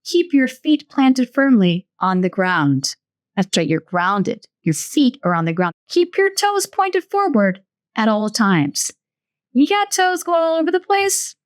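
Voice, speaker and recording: A woman's voice: medium pitch, unhurried. Playful woman hosting a book show. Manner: lively and playful, slips into mock voices. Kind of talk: casual book summary.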